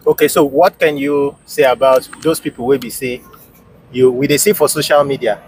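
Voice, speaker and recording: A man's voice: mid-range voice, steady tone, moderate pace, darkish tone, far from the mic, low-quality recording. A man interviewing, asking probing questions. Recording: voice off-mic, faint noise.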